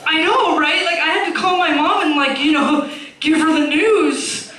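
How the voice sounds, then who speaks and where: Woman, young, stand-up comic, high bright voice, blunt deadpan delivery, roomy echo. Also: moderate pace, distant mic, a loud crowd. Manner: blunt, swearing, deadpan about dark topics. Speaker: stand-up comedian. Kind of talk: stand-up comedy set. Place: comedy club stage.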